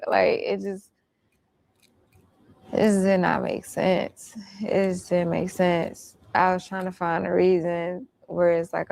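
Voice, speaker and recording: A woman's voice: fairly low pitch, little pitch movement, unhurried, gravelly, a little mellow. A woman recounting events in casual storytelling, blunt and profane.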